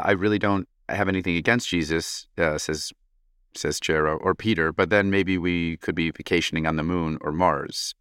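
Low-voiced playful male podcast co-host. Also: a bit bright, no room sound, studio quality. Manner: playful, laughs often, jokes while reading. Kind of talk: casual podcast chat, reading a listener letter.

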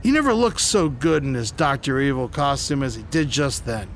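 A man telling a comic story in deadpan, mock-dramatic narration, now and then bursting into shouts. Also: medium pitch, moderate pace, slight background noise. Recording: music bed behind the voice.

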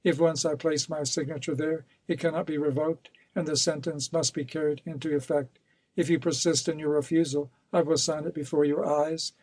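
A male narrator voices a scheming, ruthless storybook villain in a fairly high, mellow, husky voice with a flat delivery and moderate pace. The dry, close recording has no room sound, and his villainous tone is cold and insistent, turning coaxing and wheedling as he pleads and menaces.

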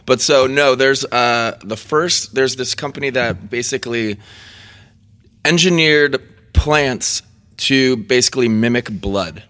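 A man talks on a podcast in a loose, rambling way, hesitating with fillers as he explains. His voice sits at a plain middle pitch. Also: slow, fairly bright tone. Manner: rambling, hesitant, laughs at himself. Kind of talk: casual podcast chat.

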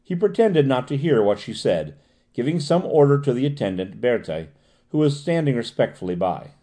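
A man narrating a classic novel as an audiobook reader, steady and expressive. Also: medium pitch, normal speed. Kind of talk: scripted narration.

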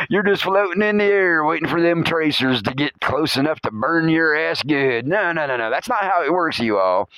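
A man's voice: fairly high pitch, expressive, normal speed, fairly bright tone, no echo, low-quality recording. A man hosting a comedy podcast, telling a rambling, cursing story, laughing often and humming movie music. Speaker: podcast host. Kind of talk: comedic monologue.

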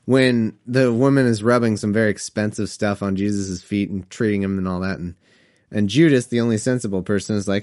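A man's voice: lowish voice, a little fast, darkish tone. A man reading scripture aloud and breaking off into wry, joking asides. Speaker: Bible reader and commentator.

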